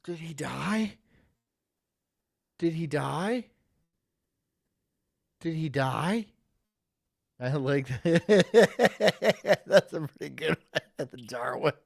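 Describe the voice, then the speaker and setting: A man's voice: fairly high pitch, vocal fry. A man streaming live, reacting to clips with casual, profane commentary and frequent laughter. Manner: profane, laughs often, talks to his partner off mic.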